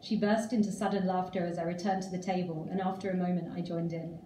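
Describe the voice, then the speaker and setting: Woman reading her own fiction at an event, calm and measured; distant mic in a roomy space with faint ambience. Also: fairly low pitch, slight background noise. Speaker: author reading her story.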